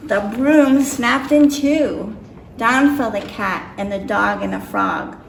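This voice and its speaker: Slow, gravelly woman reading a storybook. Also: fairly high pitch, very animated, a little hiss or hum. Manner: careful reading, a little nervous. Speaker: storybook reader. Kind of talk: reading a picture book aloud. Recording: roomy echo, mic far off.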